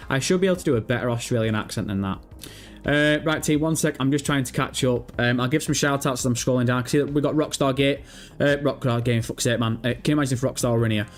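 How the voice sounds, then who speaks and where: A man's voice: medium pitch, fast talker, faint music behind. A man hosting a live stream, casually chatting and reading out viewer messages with self-mocking, sweary banter. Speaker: livestream host.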